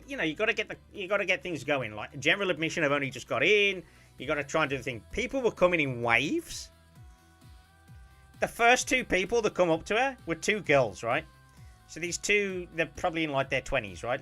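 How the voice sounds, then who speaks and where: A man chatting casually on a stream, telling a story with animated bursts of loud, laughing shouts. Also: a little high.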